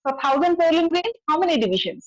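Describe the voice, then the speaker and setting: A woman's voice: very high-pitched, sing-song, very fast, a crowd in the background, poor audio. A woman with an Assamese accent giving a biology lecture in class, mixing English and Assamese and often asking students to check their answers. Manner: asks students frequent check questions, mixes English and Assamese. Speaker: biology teacher.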